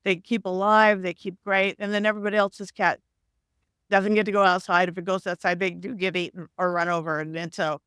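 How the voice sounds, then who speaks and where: A woman hosting a podcast, chatting in a loose, animated way with her guest. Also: lowish voice, brisk, smooth, no room sound, studio quality. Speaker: podcast host. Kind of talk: casual interview conversation.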